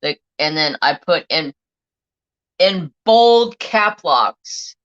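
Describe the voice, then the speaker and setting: A middle-aged woman chats with her live viewers, spinning a long, blunt story full of swearing. Her voice sits a little low but rings bright and forceful. The stream audio is dull and lo-fi. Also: expressive, very slow. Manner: blunt, profane, rambling storyteller. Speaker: livestream host. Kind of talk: casual storytelling to a live chat.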